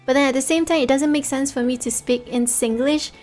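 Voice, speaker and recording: A woman's voice: sits high, fairly even intonation, brisk, darkish tone, soft background music. A young woman from Singapore with a light Singaporean English accent, chatting casually on a stream, giggly and full of fillers and restarts. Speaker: VTuber streamer.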